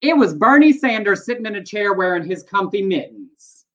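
A man co-hosting a casual live internet show, telling jokes and stories with lively energy. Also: high-pitched, moderate pace, dull audio. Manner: animated, joking storyteller. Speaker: co-host.

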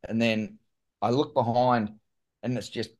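Kiwi guy telling race stories, animated, keeps saying mate. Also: mid-range voice, measured pace. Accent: New Zealand. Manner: animated, says "mate" often. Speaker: guest, former pro cyclist. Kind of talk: casual storytelling.

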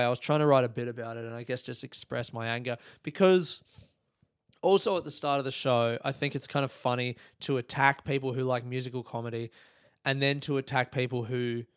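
A man's voice: medium pitch, smooth, dry recording, studio quality. A man, a comedian, talking on his own podcast, rambling and swearing and laughing at his own jokes. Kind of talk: solo podcast monologue.

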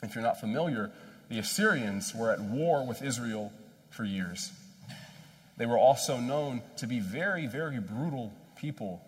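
Guy giving a chatty sermon, normal pitch, long echo in a hall. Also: moderate pace. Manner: conversational, animated storytelling with self-deprecating asides. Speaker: preacher.

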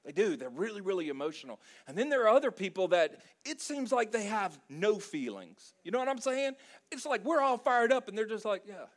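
Animated pastor from South Louisiana. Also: male voice, high-pitched, brisk. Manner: animated, emotional storytelling with humor. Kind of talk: sermon.

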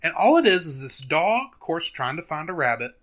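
This film review podcast co-host has a fairly high voice and talks a little fast. Laughing frequently, he animatedly retells a cartoon during casual conversation.

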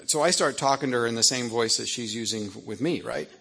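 A man's voice: mid-range voice, a little fast, creaky, sharp tone. A middle-aged man, an author, telling humorous family stories to an audience in a rambling, anecdotal way with self-amused asides. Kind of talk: humorous storytelling talk.

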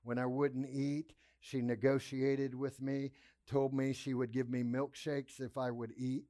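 A middle-aged male pastor telling a testimony in a sermon, animated, moving between loud laughing bursts and hushed retellings. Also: mid-range voice, measured pace.

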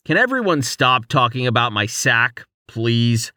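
A man voicing a young male adventurer who speaks flatly and dryly. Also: mid-range voice, unhurried, dry recording. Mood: weary. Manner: flat, dry. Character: young male adventurer leader, dry humored.

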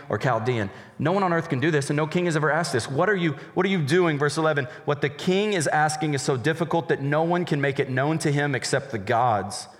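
A man's voice: mid-range voice, long reverb tail. A male college pastor preaching a sermon, animatedly voicing the characters in casual paraphrase.

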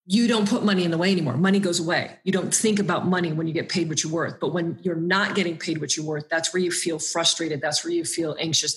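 A woman guest on an interview podcast, talking earnestly and reflectively about her own experiences. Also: on the low side.

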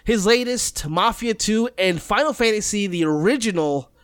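A young man co-hosts a casual gaming podcast, rambling and teasing as he talks. His voice sits a bit high for a man. The close mic sounds dry, with no room around it. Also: lively intonation, normal speed, clean tone, no room sound. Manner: joking, rambling, self-mocking. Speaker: podcast co-host. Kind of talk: casual chat.

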